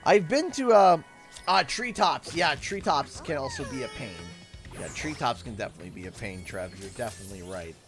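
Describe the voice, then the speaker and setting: Excitable Canadian guy, high voice. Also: fairly quick, soft background music. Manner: excitable, thanks donors warmly and often. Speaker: game streamer. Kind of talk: live gameplay stream chat.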